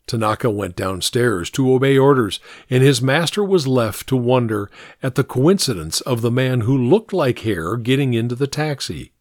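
A man narrating an audiobook in an expressive storytelling manner, recorded close to the mic. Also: medium pitch, moderate pace, hardly any pauses, no echo.

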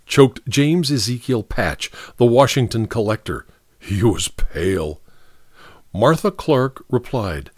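A man narrating an audiobook in an expressive, measured way. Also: medium pitch, no echo, clean studio sound.

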